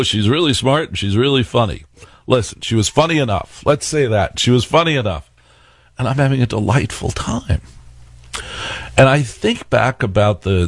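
A man's voice: on the low side, darkish tone, no echo, clean studio sound. A man hosting a radio talk show, telling a story and asking listeners rhetorical questions. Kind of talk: radio monologue.

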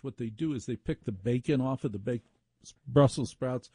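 A man's voice: mid-range voice, moderate pace, dark tone, breathy edge, no room sound. A man hosting a late-night radio show, delivering a playful, sardonic monologue from his laundry room over a video call. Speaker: radio host.

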